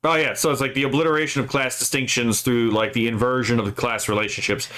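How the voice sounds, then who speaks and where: Male streamer host, mid-pitched, loose profane commentary with lots of "right?" tags. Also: steady tone, fast talker, sharp tone. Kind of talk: casual political commentary.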